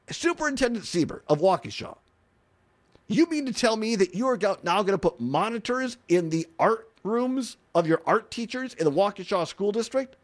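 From the studio, a male talk radio host speaks in a high, highly animated voice. He comes across as mocking and opinionated, frequently bursting into laughter.

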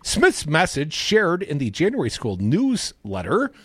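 A man co-hosting a talk radio show, opinionated and sarcastic, with animated swings in his delivery. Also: a little high, measured pace, breathy edge, dry recording, studio quality. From Madison, Wisconsin. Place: radio studio.

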